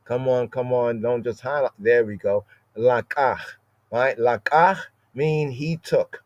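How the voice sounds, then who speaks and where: Slow-talking man teaching scripture, asking "right?". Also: mid-range voice, no room sound, muffled recording. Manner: repeats "right?" often, explains Hebrew words slowly. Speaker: Bible study teacher. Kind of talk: informal scripture lesson.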